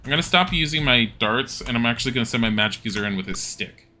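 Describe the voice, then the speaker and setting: A man's voice: mid-range voice, animated, fast talker, pushed and bright, slight background noise. A man streaming a game live, giving wry, casual commentary that swears now and then and reads menu choices aloud.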